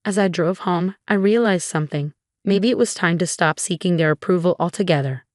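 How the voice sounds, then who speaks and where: A woman giving a scripted first-person story narration in a smooth, steady reading voice. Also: on the low side, brisk, dry recording, clean studio sound.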